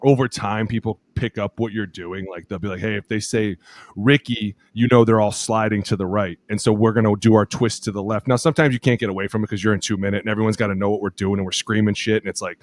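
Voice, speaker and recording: A man co-hosting a casual podcast, a former lineman telling animated stories and acting out teammates' shouted calls, swearing freely. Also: fast talker. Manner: animated storyteller acting out teammates' calls in loud high voices.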